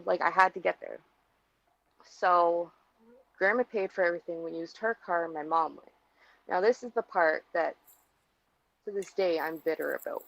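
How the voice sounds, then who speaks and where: Gravelly-voiced woman ranting on a vlog. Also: medium pitch, lo-fi sound. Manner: heated, profane, rambling with many fillers. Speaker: vlogger. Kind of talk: casual storytelling rant.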